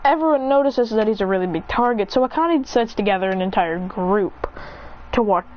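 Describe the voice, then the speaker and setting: Lively woman rambling through a story. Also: mid-range voice, a little fast. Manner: rambling, self-correcting, acts out characters' lines. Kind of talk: casual improvised story narration. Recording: dull lo-fi recording with faint noise.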